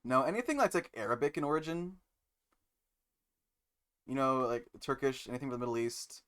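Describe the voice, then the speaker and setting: A man streaming live, reading code aloud and musing to chat with many pauses and fillers. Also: medium pitch, smooth. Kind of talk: casual live-stream chat while coding.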